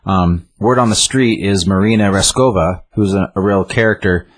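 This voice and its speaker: Man, deep voice, husky, casual rambling retelling, stops and restarts a lot. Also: normal speed. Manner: rambling, with many restarts and fillers. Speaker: book reviewer. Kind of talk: casual chat retelling a story.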